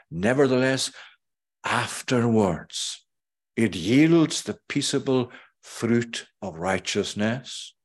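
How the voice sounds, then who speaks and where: A pastor preaching a sermon in a measured way, pausing often and slowing for emphatic scripture quotes. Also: male voice, lowish voice.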